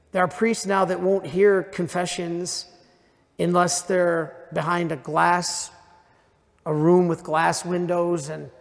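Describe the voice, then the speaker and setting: A man preaching as a priest at a retreat in a large church, emphatic and slowing down for his key lines. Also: high voice, vocal fry. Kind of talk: sermon at a parish retreat. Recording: long reverb of a church hall.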